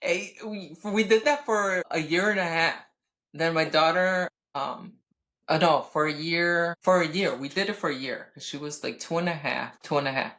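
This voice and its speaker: A podcast co-host in her thirties tells a personal story during casual chat. She's blunt and profane, breaking into animated outbursts, with a low-pitched voice at a normal speed.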